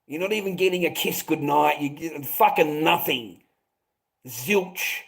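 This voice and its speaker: A man's voice: fairly high pitch, measured pace, gravelly, a bit bright. An Australian man hosting a livestream, giving blunt advice to viewers and swearing constantly while calling them mate. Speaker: livestream host. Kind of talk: casual livestream chat answering viewers.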